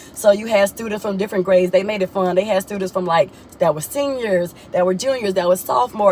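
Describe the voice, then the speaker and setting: A young woman tells a personal story in a casual vlog, talking straight to her viewers. Her voice sits mid-range, and it leaps up in pitch when she gets excited. Repeats herself often, with faint background noise. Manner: animated, expressive, often jumps high in pitch when excited. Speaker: vlogger.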